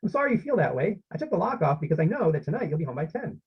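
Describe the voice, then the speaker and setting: Man reading as a gentle, unflappable dad. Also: a little high, very animated, racing, husky, pitched above the performer's own voice, exaggerated voice. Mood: calm. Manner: soft, sincere, mildly sing-song. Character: calm, gentle, unflappable father. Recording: slightly muffled lo-fi audio.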